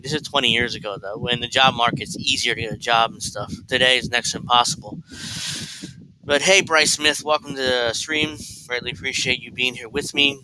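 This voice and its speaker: A man reacting to a clip on his live stream, talking bluntly and with profanity, stumbling over restarts. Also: medium pitch. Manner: blunt and profane, with frequent restarts and incredulous outbursts. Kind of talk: casual reaction commentary. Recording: noisy stream audio.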